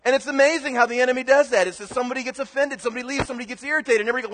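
A male pastor delivers a sermon in a strikingly high voice. His delivery is animated, moving between hushed confiding asides and loud, emphatic bursts. The sound carries a long echo, like a large church hall. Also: racing.

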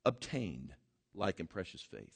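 Guy preaching a sermon, lively up and down voice, gets loud then real quiet. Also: sits low, gravelly, husky. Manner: animated, swings from loud emphasis to quiet, drawn-out words. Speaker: pastor.

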